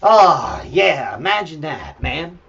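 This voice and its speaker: Man, show host, profane rambling commentary, slow drawn-out delivery, dull lo-fi recording. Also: fairly high pitch, big pitch swings, gravelly, a bit bright, husky. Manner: rambling and profane, with many fillers and restarts; talks aside to his dog. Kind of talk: solo political commentary rant. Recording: dull lo-fi sound.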